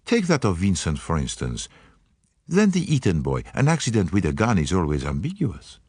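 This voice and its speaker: A man's voice: low-pitched, wildly swooping pitch, moderate pace, darkish tone, slightly rough, no echo, studio quality, heavily acted. A man doing a fussy, shrewd old detective. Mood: measured. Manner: formal, precise and methodical. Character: fastidious, shrewd older male detective.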